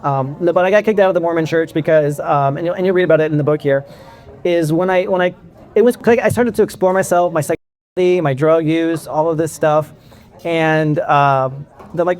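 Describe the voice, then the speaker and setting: A man's voice: a little high, brisk, a little mellow. Candid middle-aged man telling his story. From California. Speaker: convention speaker. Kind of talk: personal talk to an audience.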